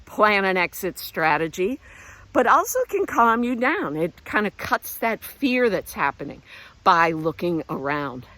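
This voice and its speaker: A middle-aged woman talks in a casual, encouraging way as she walks outdoors, her pitch rising and falling freely. She is a little out of breath from the walk. Crickets chirp faintly behind her. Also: very animated, a little slow, sharp tone. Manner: encouraging, conversational, breathing hard while hiking. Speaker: vlog host and self-help speaker. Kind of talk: casual talk while walking outdoors. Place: outdoors walking around a lake.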